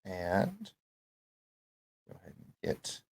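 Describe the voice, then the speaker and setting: A man narrating as game master of a tabletop role-playing game, relaxed and easygoing. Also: low-pitched, takes it slowly, gravelly, slightly rough.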